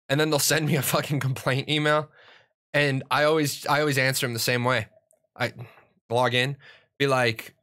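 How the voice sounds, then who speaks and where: A man's voice: mid-range voice, normal speed, bright, forceful tone. A middle-aged man chatting casually on his livestream, rambling and profane, restarting his sentences often. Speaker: streamer and gaming network owner.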